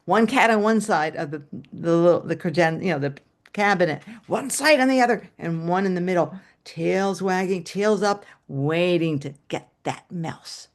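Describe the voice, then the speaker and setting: A woman's voice: fairly low pitch, moderate pace. A woman telling a story to an audience over a video call, acting out the scenes as she goes. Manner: animated, acts out scenes with shouted quotes.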